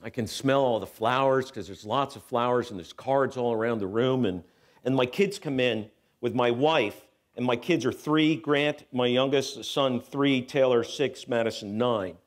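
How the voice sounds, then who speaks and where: A middle-aged man giving a talk at a spiritual center as guest speaker, telling a personal story with animated, self-mocking delivery and acting out voices. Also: mid-range voice, normal speed. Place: church hall. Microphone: handheld microphone.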